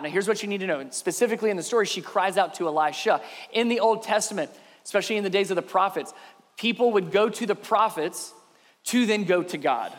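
High-voiced man preaching in a reverberant hall. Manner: animated preaching, swings from loud to hushed. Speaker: pastor. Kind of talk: sermon.

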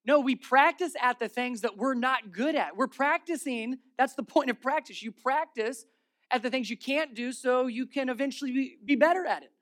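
A man's voice: extremely high pitch, moderate pace, a bit bright. A man in his thirties preaching a sermon as pastor in a church, telling stories with energy, repeating key phrases and putting questions to the congregation.

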